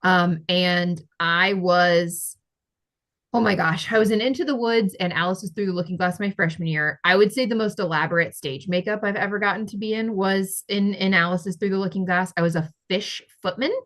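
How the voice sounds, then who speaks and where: A woman's voice: fairly low pitch, normal speed, a bit bright. A young woman co-hosting a podcast, casually telling stories in a bubbly, giggly way. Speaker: podcast co-host. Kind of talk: casual chat.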